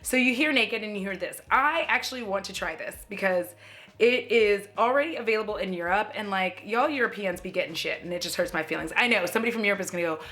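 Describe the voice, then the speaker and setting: American woman, beauty vlogger, bright voice, casual and jokey, swears freely. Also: medium pitch, brisk. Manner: chatty, joking, swears casually. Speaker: beauty YouTuber. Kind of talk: casual chat to camera.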